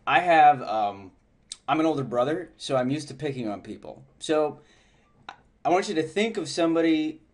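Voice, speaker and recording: A man's voice: a little high, animated, normal speed. A man giving casual dating advice, chatty and loose, laughing often and filling his talk with "like" and "you know.". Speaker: dating coach.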